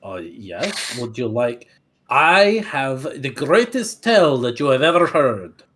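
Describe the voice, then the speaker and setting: A man playing his part in a tabletop game, bright and animated in tone with a slightly husky edge. He sounds playful and ready to laugh. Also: mid-range voice, slow. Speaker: player.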